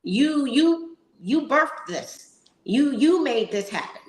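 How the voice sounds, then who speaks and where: A woman's voice: high-pitched, lively intonation, takes it slowly. Earnest middle-aged woman guest, roomy echo. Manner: earnest, encouraging, with hesitant fillers. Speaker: panel guest. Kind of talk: heartfelt panel talk.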